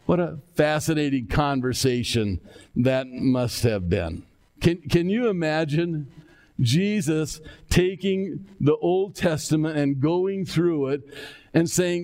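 An older male pastor delivers a sermon at an unhurried pace. His voice sits a touch high for a man and carries a gravelly edge. He reflects aloud and voices imagined speech from scripture. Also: animated, darkish tone.

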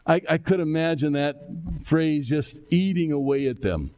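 An older pastor with a fairly high, gravelly, darkish voice that's clear and resonant preaches a reflective sermon at a moderate pace. At times he speaks aloud the words he imagines the scripture figures saying.

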